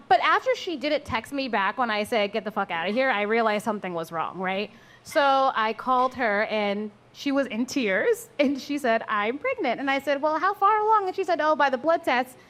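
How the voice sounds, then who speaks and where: Woman, abortion doula on a live panel, slightly high-pitched, blunt and profane, laughs easily. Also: lively intonation, normal speed, a bit bright. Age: adult, mother of four. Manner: blunt, swears freely, laughs while telling stories. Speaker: abortion doula and maternal health advocate. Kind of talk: candid live panel talk. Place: live event at a coffee house.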